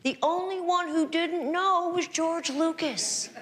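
A woman's voice: very high-pitched, takes it slowly, fairly bright tone. A woman, an actress, telling self-mocking stories to an audience with punchy comic timing, from archival clips with laughter behind.

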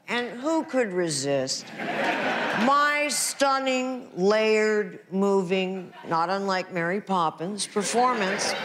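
A woman's voice: mid-range voice, noisy background. A woman, an actress, telling self-mocking stories to an audience with punchy comic timing, from archival clips with laughter behind.

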